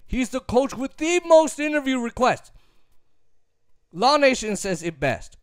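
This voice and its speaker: A man rants about football in an emphatic, opinionated way, hammering his points through repetition. His voice sits high and leaps up and down with energy. The sound is dry, with no room echo. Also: sing-song, unhurried, clean tone. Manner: emphatic, repetitive, laughs easily. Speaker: sports commentator. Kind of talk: opinionated sports talk rant.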